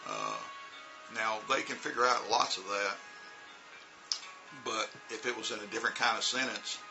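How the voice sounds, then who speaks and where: A man's voice: lowish voice, moderate pace, gravelly, poor audio. A middle-aged American man talking casually as an English teacher in a vlog, demonstrating pronunciation with spoken examples. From United States. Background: background music.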